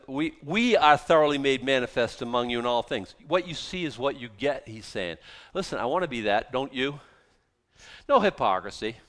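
Animated folksy male preacher. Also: medium pitch. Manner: folksy, self-deprecating, rambling with restarts. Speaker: pastor. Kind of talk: conversational sermon, Bible exposition.

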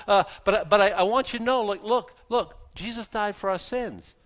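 A man preaching a sermon, zealous and animated, trying to keep his voice soft, with many restarts. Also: sits high, fairly quick, few pauses. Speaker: pastor.

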